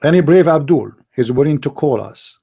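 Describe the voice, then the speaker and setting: A man with a fairly high, mellow voice hosts a live call-in debate online. His English is non-native and his delivery is heated, built on pressing rhetorical questions. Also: expressive, moderate pace, creaky, husky. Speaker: host of a call-in debate show.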